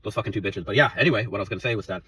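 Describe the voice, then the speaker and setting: A man's voice: fairly low pitch, rapid-fire, bright, forceful tone, breathy edge, recorded from a distance, rough recording. A young man venting in a profane, rambling, heated rant about quitting his job, out of breath from talking. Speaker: former coffee shop worker venting. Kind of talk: angry rant to camera.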